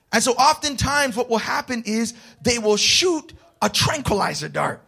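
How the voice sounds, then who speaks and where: A man preaching a sermon, calling on the congregation to answer and rising into shouted, passionate passages. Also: very high-pitched, creaky, slightly rough. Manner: call-and-response with the congregation. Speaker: pastor.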